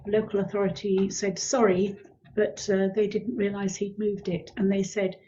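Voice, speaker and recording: A woman on a council committee talking haltingly in a meeting discussion. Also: medium pitch, level tone, mellow. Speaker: committee member. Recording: dull, muffled audio.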